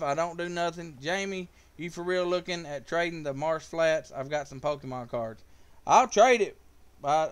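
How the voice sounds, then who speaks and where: A man with kids casually commentating his live-streamed card game, talking to chat with excitable, profane trash talk. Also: on the high side, clear, resonant tone. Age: adult with kids.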